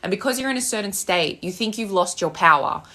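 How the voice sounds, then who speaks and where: A woman's voice: medium pitch, lively intonation, a little fast, pushed and bright. A young Australian woman, a manifestation coach, ranting bluntly on a live stream and swearing freely. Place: home with loud birds outside.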